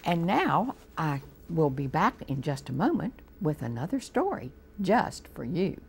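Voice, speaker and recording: A woman with an American accent reading a storybook aloud to children on a TV show, slow and gently expressive. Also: sits low, vocal fry. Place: TV studio.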